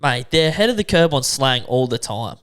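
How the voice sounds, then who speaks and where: A man co-hosting a podcast, playful and quick to laugh in casual chat. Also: medium pitch, animated, fairly bright tone, smooth. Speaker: podcast co-host.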